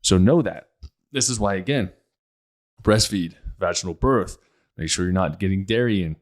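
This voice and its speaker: A man's voice: low voice, normal speed. A man hosting a podcast, speaking in a blunt, emphatic casual monologue and often repeating his points. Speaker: podcast host.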